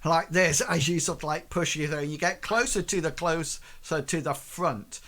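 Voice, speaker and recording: A man's voice: a little high, bright, forceful tone. A man narrating as game master of a tabletop game, hesitant, with many fillers. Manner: hesitant, many fillers, puts on quick voices for townsfolk.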